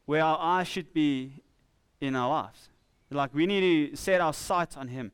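South African male preacher, earnest, slightly high, clean and dry sound. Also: clear, resonant tone, no echo. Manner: earnest, with laughing asides and slow emphatic scripture reading. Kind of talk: sermon. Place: church.

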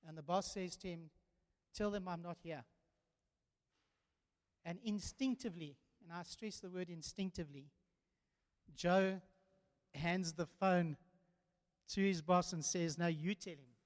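Male pastor, high-pitched, earnest storyteller, long church reverb. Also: steady tone, a little slow, pauses often, clear, resonant tone. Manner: earnest storytelling preacher, rising to emphatic declarations. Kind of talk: sermon.

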